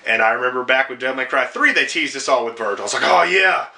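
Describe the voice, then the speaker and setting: Bright-voiced man ranting about games. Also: mid-range voice, racing. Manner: profane, sarcastic, exasperated ranting. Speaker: video game reviewer. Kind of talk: ranting commentary video.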